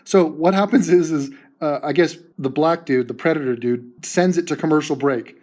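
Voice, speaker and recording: A man's voice: a little high, moderate pace, darkish tone. A man commenting over video clips with crude insults, mocking and laughing as he talks.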